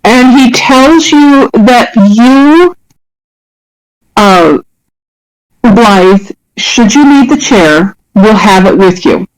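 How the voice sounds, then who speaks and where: A woman's voice: fairly high pitch, expressive, drawn-out words, poor audio. A woman narrating as game master of a tabletop role-playing game. She describes scenes at length and often restarts her phrases. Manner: descriptive, with frequent restarts and fillers.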